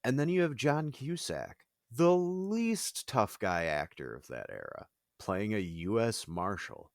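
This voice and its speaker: A man's voice: on the low side, sing-song, unhurried, no echo, clean studio sound. A man co-hosting a podcast, talking casually and animatedly, with frequent "like" and laughs. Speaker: podcast co-host.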